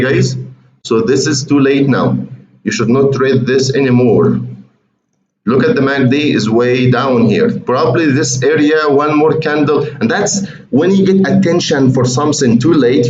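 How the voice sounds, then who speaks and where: A slightly mellow, medium-pitched male voice belongs to a trading educator guiding viewers through charts via screen share. He keeps it conversational and repetitive, often calling them "guys." The recording is roomy and muffled, with a faint hiss in the background.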